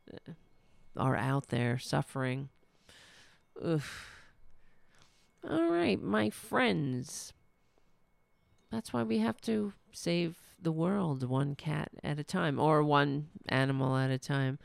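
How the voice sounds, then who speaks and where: Woman podcast host, low gravelly voice, slow casual delivery. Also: no echo. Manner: coaxing her cat in a soft high voice, then upbeat sign-off. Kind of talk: casual livestream sign-off.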